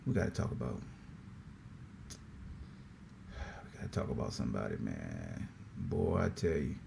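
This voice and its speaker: A man hosting a sports podcast in a casual, slangy, animated way, often repeating himself. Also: rumbling low, fairly quick, gravelly, background noise. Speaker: podcast host.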